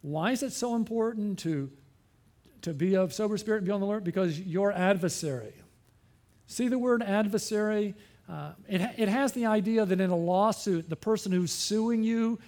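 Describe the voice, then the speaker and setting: A man's voice: high voice, a little mellow. A male pastor preaching a sermon, earnest, asking questions and repeating phrases for emphasis.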